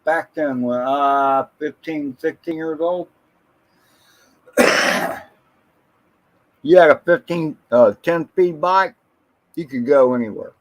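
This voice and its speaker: On a low-quality recording, a man with a slightly high voice hosts a casual livestream for a drone channel. He reminisces slowly and ramblingly, greeting viewers from the chat by name.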